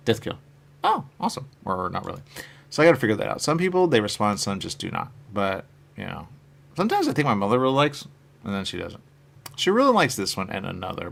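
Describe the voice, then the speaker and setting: A man hosting a live stream, chatting in a rambling, casual way about his comic covers and answering viewer comments, often trailing off quietly at the ends of his phrases. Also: fairly low pitch, gravelly.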